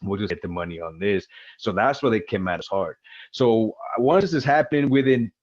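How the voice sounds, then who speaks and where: A man's voice: lowish voice, lively intonation, normal speed, darkish tone, lo-fi sound. A man as an interview guest, casually retelling a personal story with lots of swearing and acted-out quotes.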